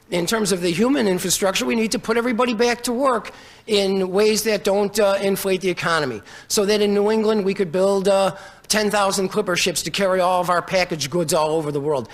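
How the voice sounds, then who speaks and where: A man running for president who talks in a rambling, digressive way, jumping between schemes and showman bits. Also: sits high. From United States. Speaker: presidential candidate. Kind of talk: rambling campaign speech.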